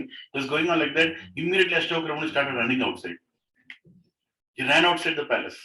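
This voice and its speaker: A man's voice: on the high side, fast, pushed and bright. A man leading a devotional gathering in a home, telling a story animatedly, chuckling and often asking "right?". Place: living room of a home. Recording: echoey room, mic far off, faint noise.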